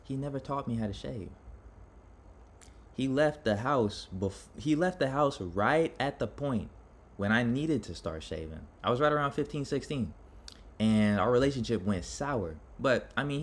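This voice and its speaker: A man giving an impassioned personal monologue to his viewers. He talks in a dramatic, rambling way, restarting his sentences and speaking straight to his audience. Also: medium pitch. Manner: dramatic, addresses listeners directly. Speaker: vlogger on self-improvement.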